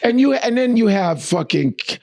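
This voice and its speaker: A man guest comedian riffing on a podcast, animated and profane. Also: extremely high pitch, moderate pace.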